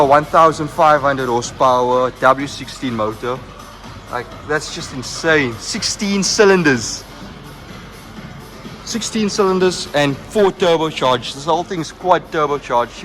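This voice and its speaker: Excited young man touring supercars. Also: on the high side, measured pace, faint music behind. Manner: excited, repeats phrases and fillers like "like" and "look at". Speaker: car vlogger. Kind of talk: walkaround car tour narration. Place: indoor car dealership showroom.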